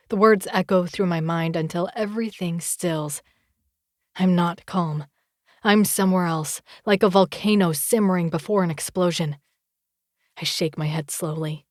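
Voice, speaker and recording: A woman narrating a romance audiobook in the first person, with an expressive, measured reading. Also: lowish voice, dry recording, studio quality.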